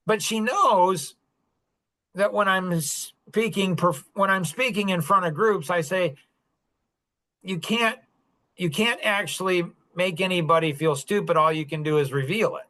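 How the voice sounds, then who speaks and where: A man's voice: high voice, a little slow, pushed and bright. Middle-aged man, podcast storyteller, rambling and full of fillers. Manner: rambling, repeats words, many fillers. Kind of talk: animated personal storytelling.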